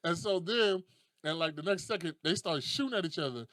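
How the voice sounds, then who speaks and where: A young adult man hosting a casual podcast, telling stories in a profane, animated way and laughing often. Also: high-pitched, fairly quick, no room sound, clean studio sound. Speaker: podcast host.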